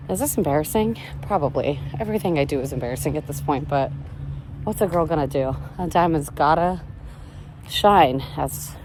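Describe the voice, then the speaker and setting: A woman's voice: deep voice, darkish tone, a little hiss or hum. A young woman venting in a casual monologue, rambling and anxious, swearing often. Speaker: vlogger.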